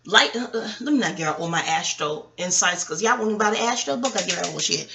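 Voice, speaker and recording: A woman's voice: lowish voice, fairly quick, gravelly, slight background noise. A woman vlogger at home, talking in a rambling casual monologue full of profanity and laughter as she reviews reality TV. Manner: profane, animated ranting with frequent laughs.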